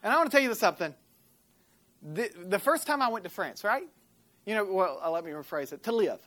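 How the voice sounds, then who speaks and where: An American woman preaching a sermon, telling a personal story with lively swings from loud to hushed and acting out the voices she quotes. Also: mid-range voice, a little fast. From United States.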